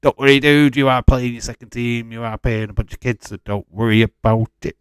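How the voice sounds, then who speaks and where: This man in his 40s hosts a livestream, chatting casually during a watch-along and answering live chat defensively and directly, addressing chatters by name. His medium-pitched voice is flat and smooth, a little fast, with no echo.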